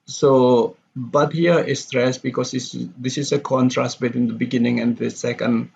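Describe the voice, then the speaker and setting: A man's voice: medium pitch, steady tone, unhurried, vocal fry, hardly any pauses, a little mellow. A man teaching a pronunciation lesson, reading example sentences aloud and then explaining which words take stress. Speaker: pronunciation lecturer. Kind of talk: classroom lecture on word stress. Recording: dull, lo-fi with faint background noise.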